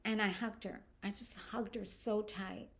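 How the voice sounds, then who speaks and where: A woman's voice: medium pitch, steady tone, vocal fry, fairly bright tone. An older woman from Canada hosts a personal storytelling podcast. She speaks earnestly and stops often to restart her sentences. Now and then she acts out what other people said. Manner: earnest and halting, with restarts and acted-out quotes. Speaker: podcast host.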